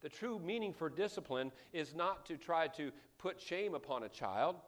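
A man preaching a sermon, swinging from hushed passages to loud outbursts and acting out the quoted characters. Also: a little high, animated, moderate pace.

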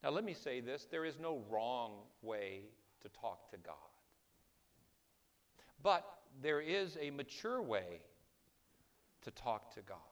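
A man preaching a sermon as pastor, swinging between hushed, quiet passages and loud, impassioned ones. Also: mid-range voice, very animated, slow, long pauses.

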